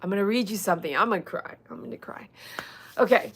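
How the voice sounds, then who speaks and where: She's a middle-aged Texan dog groomer, talking fast on a livestream while reading viewer comments, joking, and laughing. Her mid-range voice has vocal fry, a breathy edge, and a bit of brightness.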